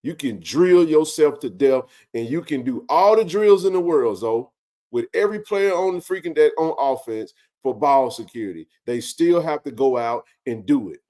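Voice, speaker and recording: A man's voice: medium pitch, expressive, moderate pace, mellow. A man hosting a casual sports talk show, ranting passionately and swearing freely about his team's fans.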